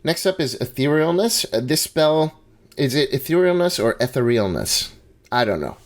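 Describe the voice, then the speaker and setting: A man's voice: a little high, animated, normal speed. Chatty man explaining game spells. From Hispanic background. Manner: conversational, restarts and hedging asides, laughs at himself. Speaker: game guide host. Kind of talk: casual spoken game guide.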